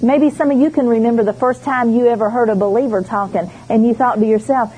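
Woman, preacher, sermon, emphatic, somewhat high voice, faint background noise. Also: quick pace, few pauses, dark tone, low-quality recording. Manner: emphatic, storytelling with quoted voices.

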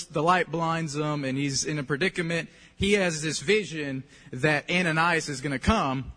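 A man's voice: sits high, sharp tone. A man preaching a sermon in a casual, joking way, often checking in with his listeners. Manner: joking, conversational preaching with frequent check-ins. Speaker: pastor. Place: church hall. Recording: reverberant hall.

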